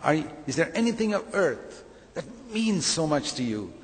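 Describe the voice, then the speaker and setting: A man's voice: on the high side, very animated, moderate pace. Emphatic male preacher in a reverberant hall. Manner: emphatic, rhetorical questions, acts out quoted voices. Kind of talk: sermon.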